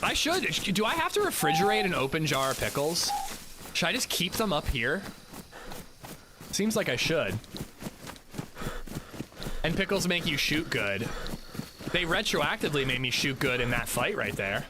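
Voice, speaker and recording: A man's voice: on the high side, very animated, normal speed, long pauses, noisy background. A man chatting casually while livestreaming a video game, rambling and self-mocking. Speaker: game streamer.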